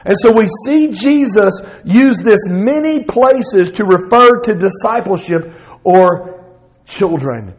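A middle-aged man with a Southern accent preaching a sermon, expressive, at times acting out the words of Jesus. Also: high-pitched, slow, poor audio. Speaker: pastor.

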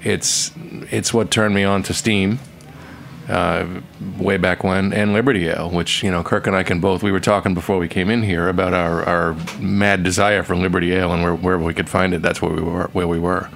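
A man chatting casually and haltingly about the classic beers he grew up with. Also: low voice, level tone, vocal fry, a bit bright, slight background noise. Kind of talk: casual chat.

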